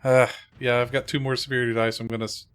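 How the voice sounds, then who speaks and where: A man's voice: medium pitch, level tone, fast, fairly bright tone, smooth. A man playing a tabletop role-playing game, talking in a rambling, hesitant way with many fillers. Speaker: player. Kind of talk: casual tabletop play.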